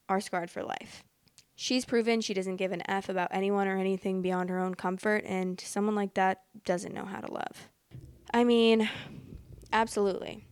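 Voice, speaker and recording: A young woman hosting a storytime podcast, reading posts aloud and reacting bluntly in a casual, expressive way. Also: mid-range voice, smooth, no echo. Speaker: podcast host reading stories.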